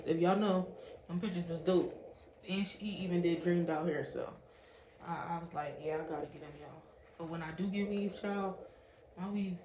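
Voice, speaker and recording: A woman's voice: fairly low pitch, a little mellow. A young woman, chatting casually to viewers as "y'all" while unboxing and reviewing a product. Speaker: beauty vlogger reviewing a product. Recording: echoey room with faint background hiss.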